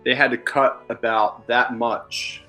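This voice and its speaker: A man's voice: medium pitch, steady tone, slow pace, bright, forceful tone, soft background music. A man in his thirties from Philadelphia, a podcast guest in casual chat, telling rambling, candid stories and swearing freely. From Philadelphia, USA.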